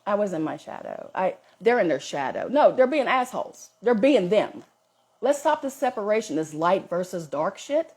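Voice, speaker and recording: A woman's voice: medium pitch, sing-song, normal speed, a little mellow, husky. A woman talking casually and bluntly on a live stream as a spiritual content creator, emphatic and often profane.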